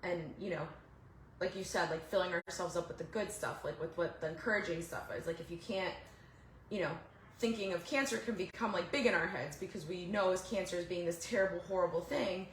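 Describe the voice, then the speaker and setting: A woman in her fifties with a lowish voice shares thoughts in a small church group, rambling and leaning heavily on "like." The room around her is echoey. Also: fairly quick, a little hiss or hum. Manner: rambling, heavy use of "like". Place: house church gathering room.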